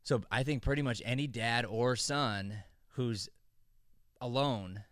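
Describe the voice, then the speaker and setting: A man's voice: medium pitch, slow, a bit bright, clear, resonant tone, no echo, studio quality. A middle-aged man hosting an acting podcast, talking in an earnest, rambling way with frequent restarts. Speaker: acting coach and podcast host. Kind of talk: casual podcast chat.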